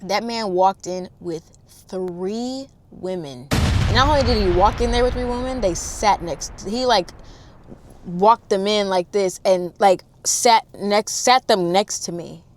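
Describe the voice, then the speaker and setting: A woman in her twenties telling a storytime vlog in a dramatic, animated, chatty way, talking straight to her audience. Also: mid-range voice, unhurried, slight background noise. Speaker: storytime vlogger.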